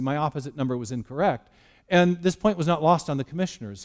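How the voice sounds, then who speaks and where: A man's voice: mid-range voice, a little mellow. A man giving a public lecture to a live audience in a church, speaking conversationally with frequent ums and uhs. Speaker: guest speaker.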